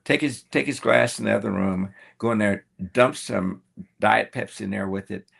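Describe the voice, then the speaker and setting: An older man's voice, deep-set and heavily gravelly, with a husky, roughened edge. He tells a personal story to his podcast hosts at an unhurried storyteller's pace. He slips into the voices of the people in the tale as he goes. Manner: warm storyteller acting out quoted dialogue. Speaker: guest.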